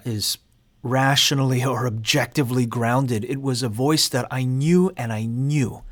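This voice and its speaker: A man in his forties, a seminary instructor, giving a lecture and telling his own story of being called, earnest and self-deprecating. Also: medium pitch. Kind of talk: personal testimony in a lecture.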